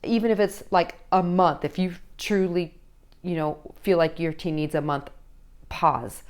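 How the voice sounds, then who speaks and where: A woman's voice: on the low side, unhurried, smooth. A woman giving parenting advice to camera, coaching with frequent check-ins and acting out quoted voices. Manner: coaching, checks in with repeated "okay?". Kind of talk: direct-to-camera advice talk.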